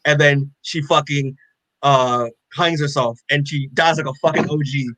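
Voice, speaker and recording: Man, casual podcast chat, slightly high voice, dry close sound, rambling, profane. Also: fairly even intonation, moderate pace, a bit bright, no echo, poor audio. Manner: rambling, profane, heavy with fillers. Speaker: podcast co-host. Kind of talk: casual chat recapping a comic.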